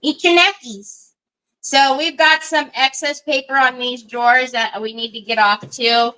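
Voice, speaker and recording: A middle-aged woman hosting a craft livestream, chatting in a rambling way while she works and talking softly to a small child beside her. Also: sits high, little pitch movement, normal speed, smooth, low-quality recording. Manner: rambling, chatty storytelling with many asides; soothing baby talk to a small child. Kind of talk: casual chat while crafting.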